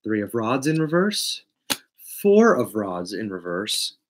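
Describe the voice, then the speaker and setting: A man giving a casual tarot reading, talking emphatically and playfully, swinging between loud bursts and quiet asides. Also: on the low side, very animated, slow, noisy background. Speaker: tarot reader.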